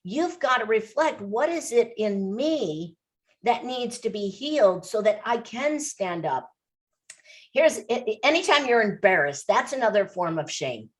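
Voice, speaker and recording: A woman guest on a podcast, telling personal stories in an emphatic, animated way, often repeating phrases for stress. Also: on the high side, a little slow. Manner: emphatic, animated storytelling with repetition. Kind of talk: interview.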